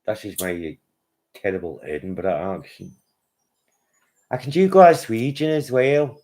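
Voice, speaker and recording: A man co-hosting a live stream in easygoing casual chat, often pausing on fillers. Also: fairly low pitch, darkish tone.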